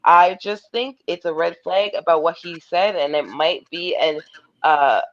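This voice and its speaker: A woman's voice: lowish voice, unhurried, muffled recording. A woman panelist in a heated group chat, blunt and sarcastic, swearing freely.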